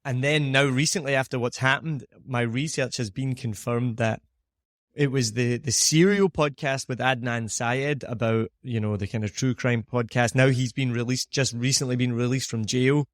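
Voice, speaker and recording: A man's voice: mid-range voice, fairly even intonation, normal speed, no room sound, clean studio sound. A man with a Scottish accent, a podcast host, chatting casually and telling anecdotes with frequent laughter. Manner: chatty storyteller, laughs often.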